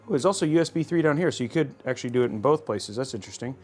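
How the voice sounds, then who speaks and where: A man's voice: medium pitch, expressive, very fast, darkish tone, soft background music. A man hosting a livestream, chatting casually and thinking aloud while building a computer. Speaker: host.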